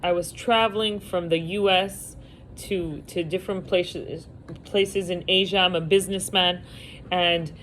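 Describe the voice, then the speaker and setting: A woman's voice: fairly low pitch, fairly even intonation, unhurried, a bit bright, slight background noise, low-quality recording. A woman voicing an earnest, desperate male rabbi businessman who pleads and insists as he tells his story. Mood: pleading.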